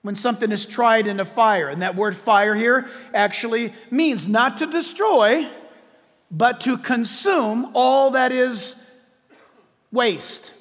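A man's voice: very high voice, slow, a bit bright, long reverb tail. A man preaching a sermon, emphatic and repeating key words for stress. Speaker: pastor.

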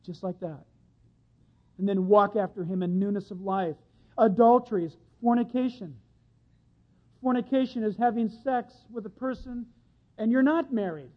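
A man preaching a sermon in a folksy, animated way, acting out little voices of the people in his stories. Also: high-pitched, normal speed. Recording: dull lo-fi sound.

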